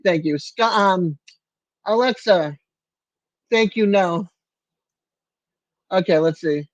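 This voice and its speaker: A man's voice: high-pitched, slow pace, no echo, lo-fi sound. An older man hosting a casual livestream from his apartment, answering viewers by name in a chatty way. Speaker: livestream host.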